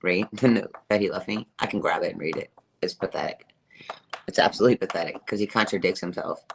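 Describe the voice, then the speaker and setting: Quick and creaky, her bass voice carries over background noise as this middle-aged livestreamer relays a personal story to her chat. She's emphatic and profane, repeats herself, and laughs throughout.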